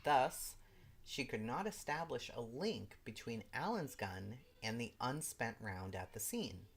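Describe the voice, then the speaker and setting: A woman's voice: extremely low pitch, lively intonation, unhurried, husky. A woman hosting a live stream, reading a legal brief aloud and breaking off into exasperated, disbelieving remarks. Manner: exasperated, incredulous asides. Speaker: livestream host.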